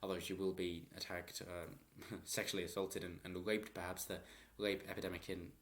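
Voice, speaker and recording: A man's voice: sits low, little pitch movement, normal speed, fairly bright tone. A man giving rambling, opinionated political commentary in a vlog and chuckling often.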